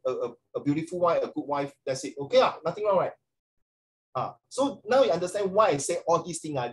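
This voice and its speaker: A man's voice: on the high side, rough recording. A middle-aged Singaporean man giving a chatty classroom lecture as a social studies teacher, with frequent rhetorical tag questions.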